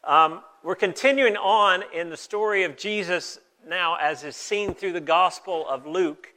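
Bright-voiced pastor man, conversational. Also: high voice. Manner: conversational, folksy, with restarts. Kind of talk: sermon with scripture reading.

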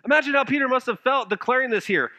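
A man preaching a sermon with passion, now and then dropping his voice to a hush for emphasis. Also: fast talker. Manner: impassioned preaching, dropping to hushed low phrases for emphasis. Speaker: pastor.

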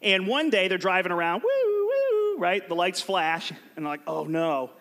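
A man giving an energetic, joking sermon as a youth pastor, urging his audience to join in and shout out answers. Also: high-pitched, normal speed. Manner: animated and joking, prompts the crowd to shout answers.

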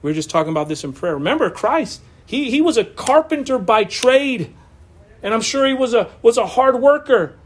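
A man with a high voice preaches a sermon, shifting between steady teaching and chatty asides to his listeners. He talks like he is among friends and laughs easily, and he comes through a video call. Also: normal speed. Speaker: pastor.

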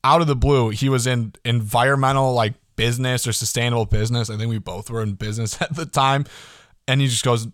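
An excitable young man in his early twenties talks alone into a close mic, his mid-range voice bouncing along as he rambles and swears casually. The sound is dry and close, with no room behind him. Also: mid-range voice, fairly quick, no echo. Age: early 20s. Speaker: podcast host. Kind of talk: casual solo podcast talk.

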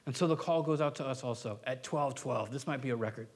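A man's voice: medium pitch, fairly quick, noisy background. A man pastor preaching a sermon in a conversational way, with joking asides, building to an earnest, impassioned plea. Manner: conversational, rising to impassioned pleading; self-correcting, joking asides.

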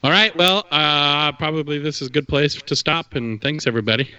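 A man hosting a casual podcast interview, chatty and quick to react with exclamations. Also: fairly high pitch, bright, forceful tone, lo-fi sound. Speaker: podcast host.

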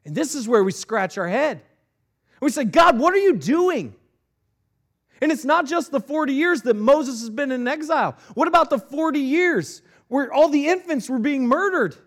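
A man's voice: extremely high pitch, expressive, moderate pace. A male pastor preaching a sermon, reading scripture aloud and retelling it in earnest, conversational words.

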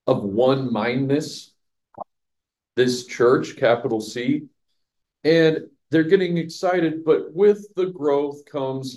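A pastor leads a Bible study, working through a passage verse by verse in a chatty way, quizzing his listeners and laughing at his own jokes. His voice is mellow and a little high.

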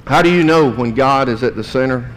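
Guy preaching in a big echoey church, chatty folksy sermon, goes loud then real quiet, mid pitch. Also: fairly quick. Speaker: pastor. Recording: long hall reverb, faint rumble.

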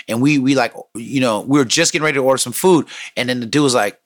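A man hosting a podcast, telling street stories in a casual, profane, animated way and acting out quotes. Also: mid-range voice, fast, few pauses. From San Francisco Bay Area. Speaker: podcast host. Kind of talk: casual storytelling monologue.

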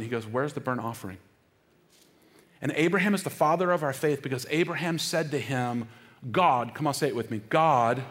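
A middle-aged male pastor preaching a sermon, stressing key phrases and calling on the congregation to repeat lines after him. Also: mid-range voice. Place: church sanctuary. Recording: long hall reverb.

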